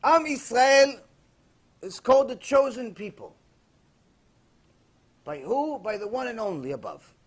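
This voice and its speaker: Male rabbi, very high voice, animated storytelling sermon with a sarcastic edge. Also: unhurried, pauses often, husky. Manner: animated storytelling with acted quotes.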